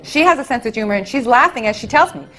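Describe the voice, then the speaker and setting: A woman working as a psychic medium, giving readings to an audience in a gentle, consoling way and calling people honey and sweetheart. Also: a little high, expressive, quick pace. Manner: soothing, endearments, relays messages.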